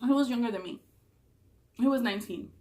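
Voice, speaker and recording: A young woman with a Southern California accent telling a story casually in a vlog, swearing a lot and acting out quotes in a higher voice. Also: lively intonation, brisk, dark tone. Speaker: vlogger. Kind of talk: casual storytelling while eating.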